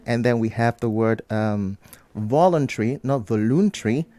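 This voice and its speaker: A man in a radio studio, briskly correcting student debaters' pronunciation word by word and explaining each fix. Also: medium pitch, warm tone, no echo. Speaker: pronunciation coach on a radio show.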